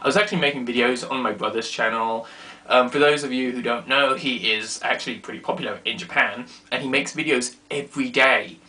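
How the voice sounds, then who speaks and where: A young man telling a rambling, self-mocking story to camera in a casual vlog, now and then dropping to quiet asides. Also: mid-range voice, steady tone, fairly quick. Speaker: vlogger.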